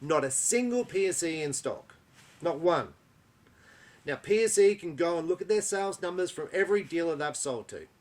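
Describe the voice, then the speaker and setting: A man's voice: on the high side, expressive, normal speed. An older Australian man who runs an archery shop, talking to camera in a blunt, exasperated way, full of rhetorical questions and tag questions. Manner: blunt, exasperated, rhetorical, keeps asking "right?". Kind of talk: frustrated monologue to camera.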